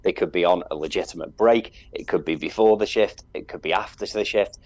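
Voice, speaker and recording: A man with a Scouse accent, a guest in a casual online discussion, talking in a measured way. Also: deep voice, a little mellow, no room sound, lo-fi sound. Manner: measured, hesitant with fillers.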